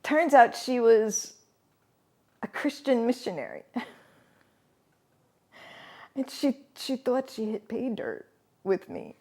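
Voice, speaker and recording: Middle-aged woman interviewee, slightly high voice, unhurried and halting, laughs through her story. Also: sing-song, a little mellow. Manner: halting, often laughs mid-sentence. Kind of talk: candid personal storytelling.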